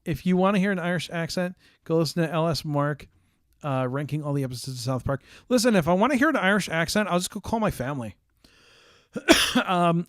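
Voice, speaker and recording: A man's voice: sits high, expressive, fairly quick, smooth, no echo, studio quality. An American man hosting a casual stream, chatting with viewers in a rambling way with frequent ums and restarts. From United States.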